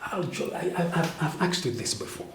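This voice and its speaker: A man's voice: a little high, a little fast, echoey room, far from the mic, slight background noise. A man playing a coaxing Nigerian matchmaker friend. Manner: flattering, coaxing, chuckling. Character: flattering, persuasive older friend and matchmaker. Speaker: actor playing the businessman's friend.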